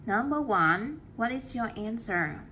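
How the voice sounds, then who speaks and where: A woman teaching an English class, patient and encouraging, giving clear step-by-step instructions. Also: fairly high pitch, lively intonation, a little slow, pushed and bright, a little hiss or hum.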